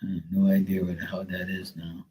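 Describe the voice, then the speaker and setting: A man hosting a casual live stream, cursing freely and joking with viewers, then softly soothing his dog. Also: low voice, completely flat delivery, brisk, slightly rough, rough recording. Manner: loose, profane, teasing banter with viewers. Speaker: live stream host reading chat.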